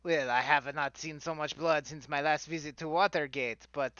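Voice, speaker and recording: A pompous wizard author trips over his own flowery sentences, stammering as he boasts, played by a man. The voice sits high and bright. It comes through a dull, lo-fi call line. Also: steady tone, moderate pace, clear, resonant tone, no room sound. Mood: fussy. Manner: stammering, flowery and self-important. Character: flustered pompous male celebrity wizard author.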